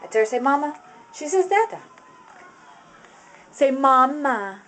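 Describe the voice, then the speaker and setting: A woman's voice: high voice, normal speed, sharp tone. A woman filming her toddler at home on a handheld camera, coaxing the child in sing-song baby talk and repeating short phrases.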